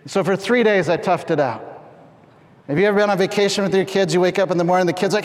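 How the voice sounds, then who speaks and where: A middle-aged man from Canada preaching a storytelling sermon, animated and acting out scenes with sudden loud shouts. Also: high-pitched, fast talker. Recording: long hall reverb.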